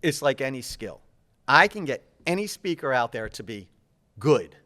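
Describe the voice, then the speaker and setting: In a medium-pitched voice, a man responds to interview questions as a public speaking coach. He's lively and fast-talking and gestures as he speaks.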